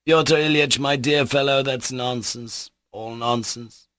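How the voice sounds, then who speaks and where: Male narrator doing a wild, exclamatory young nobleman on a spree, raised and loud, dry close read. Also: medium pitch, steady tone, slow pace, no echo, pitched above the performer's own voice. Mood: exuberant. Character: reckless, excitable young nobleman on a drunken spree. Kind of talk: audiobook character reading.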